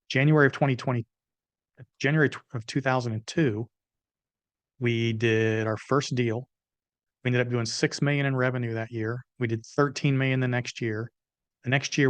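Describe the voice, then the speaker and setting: A man in his fifties, a business consultant telling a personal story as a podcast guest, lively and dramatic, acting out the voices of others. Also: mid-range voice, dry recording. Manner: animated storyteller, acts out dialogue. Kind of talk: storytelling interview answer. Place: podcast recording.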